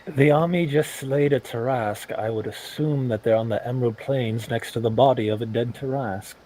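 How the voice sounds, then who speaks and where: A man's voice: mid-range voice, moderate pace, warm tone, poor audio. A man playing a tabletop game, talking in a matter-of-fact way. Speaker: player. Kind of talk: tabletop play. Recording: faint background noise.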